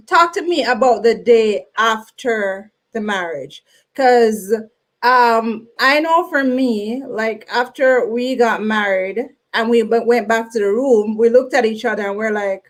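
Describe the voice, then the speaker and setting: A woman's voice: fairly high pitch, slow. A woman hosting an online talk show, chatting casually with many fillers and laughs. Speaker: host.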